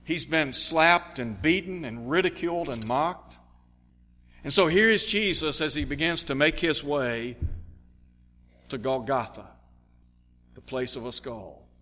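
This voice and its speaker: A man's voice: on the high side, unhurried, pauses often, pushed and bright, big-room sound. A man preaching a radio sermon, reading scripture aloud and explaining it earnestly.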